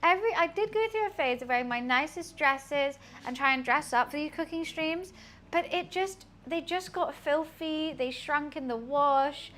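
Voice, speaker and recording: A woman's voice: sits high, normal speed, a bit bright, slight background noise. A young woman chatting casually on a cooking live stream, rambling through asides in her home kitchen.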